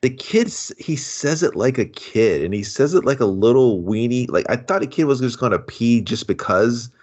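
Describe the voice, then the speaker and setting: A man's voice: medium pitch, animated, moderate pace, a little mellow. A young man co-hosting a casual movie review podcast, talking emphatically and crudely, leaning on "like" and "dude". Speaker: podcast co-host. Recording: dull lo-fi audio.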